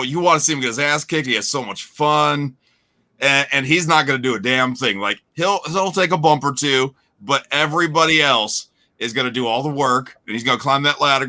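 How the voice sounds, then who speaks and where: A man's voice: medium pitch, bright, forceful tone. A man co-hosting a casual chat show, teasing his partner and stating his opinions with confidence. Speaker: podcast co-host.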